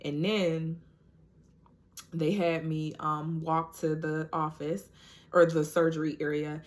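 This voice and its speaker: A woman with a somewhat low voice tells a personal story straight to her viewers. She talks in a loose, chatty way, peppering her sentences with "like" and "you know." It is relaxed, casual vlog storytelling. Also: slow. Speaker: vlogger.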